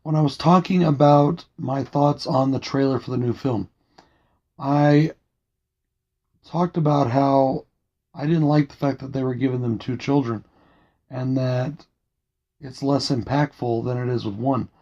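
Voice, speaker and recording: A man with a gravelly, husky, mellow voice talks softly through a casual review, rambling easily from point to point. The sound is dull and lo-fi. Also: medium pitch, fairly even intonation, a little slow, pauses often. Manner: soft-spoken and quiet, rambling musings. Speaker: movie reviewer. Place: home at night, dim room.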